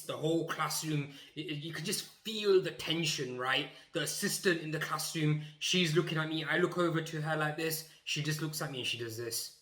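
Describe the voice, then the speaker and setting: A young man telling a funny story from his school days, animated and emphatic, acting out the scenes. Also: fairly high pitch, reverberant. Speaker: YouTuber. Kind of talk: comic storytelling.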